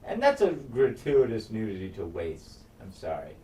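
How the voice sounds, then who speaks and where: A man in casual podcast chat, excitedly recapping a TV episode, swearing and acting out scenes with sound effects. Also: lowish voice, moderate pace. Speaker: podcast co-host. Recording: echoey room, mic at a distance, faint noise.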